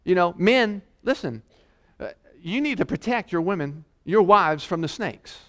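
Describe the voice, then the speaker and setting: A man preaching a sermon in an exhorting way, restarting often and slowing down to read scripture aloud. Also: sits high, animated, a bit bright. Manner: exhorting, repeats words, reads scripture slowly.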